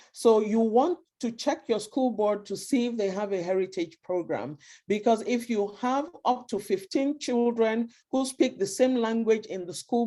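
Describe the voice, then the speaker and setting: A woman moderates a community panel over a video call. Her voice is warm and mellow, and she speaks in a measured, informative way with frequent ums. She sounds calm and steady. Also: medium pitch.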